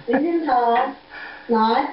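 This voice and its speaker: Sing-song young mom in baby talk. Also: female voice, slow. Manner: high sing-song coaxing, repeats simple prompts. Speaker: mother. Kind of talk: baby talk to a toddler on a video call. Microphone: computer video call mic. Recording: dull echoey video-call audio, faint noise.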